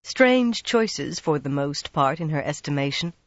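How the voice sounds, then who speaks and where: A woman reading a fantasy audiobook in a calm, even manner. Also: deep voice, unhurried, no room sound, dull audio. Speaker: audiobook narrator. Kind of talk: scripted fantasy narration.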